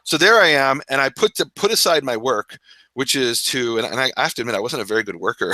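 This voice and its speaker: A man with a bright, forceful voice tells his story as an interview guest, lively and quick to laugh. He acts out his own past words as he goes. The sound is dry and close, with no room around it. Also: mid-range voice, no room sound. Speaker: Hebrew scholar guest.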